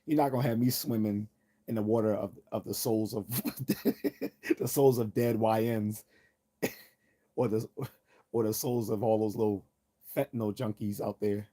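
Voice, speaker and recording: A man's voice: fairly low pitch, fairly even intonation, a little slow, pauses often, warm tone. A man hosting a livestream, rambling casually with lots of profanity and frequent laughter at his own jokes. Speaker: livestream host.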